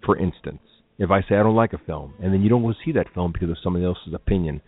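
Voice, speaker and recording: Man, low husky voice, opinionated host, rambling casual talk, tinny lo-fi sound. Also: rapid-fire, no room sound. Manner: opinionated, rambling, animated asides. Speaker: podcast host. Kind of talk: casual solo radio talk. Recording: tinny phone-like lo-fi audio with faint music.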